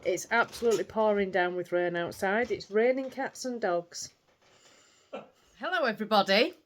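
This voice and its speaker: A woman's voice: medium pitch, normal speed. Chatty Yorkshire woman vlogging. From England. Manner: chatty, laughs often. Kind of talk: casual chat.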